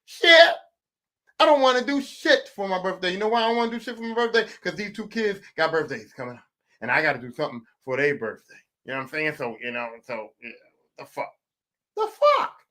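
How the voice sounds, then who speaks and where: High, bright-voiced man ranting profanely. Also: quick pace. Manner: profane, animated storytelling, swings from loud bursts to low mutters. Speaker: podcast host. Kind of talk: casual comedic rant.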